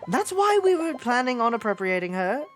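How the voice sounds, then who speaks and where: A haughty young noblewoman from a visual novel game, scheming and aloof, as a woman puts her on. Her voice is a high falsetto with a British accent, and it swings widely up and down. She talks down to everyone. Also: sing-song, fairly quick, faint music behind. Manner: lofty, dismissive, proud. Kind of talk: voicing a visual novel character.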